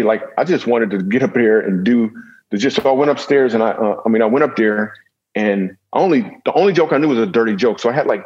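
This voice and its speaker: Husky, lowish man, comedian guest, jokey storyteller, dull lo-fi recording. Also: a little mellow. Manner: jokey, with self-deprecating asides. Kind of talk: humorous storytelling in a conversation.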